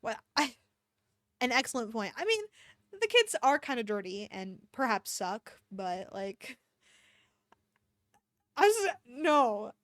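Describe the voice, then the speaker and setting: A woman's voice: a little high, animated, unhurried, a bit bright, no echo, clean studio sound. A woman streamer reading fan fiction aloud and breaking off for joking, swearing commentary.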